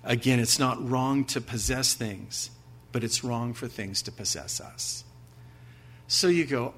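A man's voice: mid-range voice, moderate pace, a bit bright, a little hiss or hum. Conversational man preaching a sermon. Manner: conversational, asks the listeners rhetorical questions; reads scripture aloud with emphasis. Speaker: pastor.

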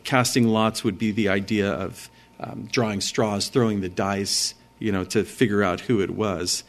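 A man's voice: fairly low pitch, fairly even intonation, normal speed. A man preaching a sermon in an earnest, conversational way, explaining a Bible story and reading scripture aloud. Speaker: pastor.

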